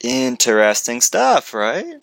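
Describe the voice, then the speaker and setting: A man commenting excitedly on a conference video, rambling with many restarts and jokes. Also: mid-range voice, slow, creaky, no echo.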